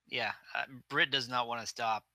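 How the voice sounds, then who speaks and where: A man's voice: mid-range voice, fairly even intonation, normal speed, sharp tone, no echo. A man playing in an online tabletop game, casually talking through his character's actions. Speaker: player. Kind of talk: casual tabletop role-play.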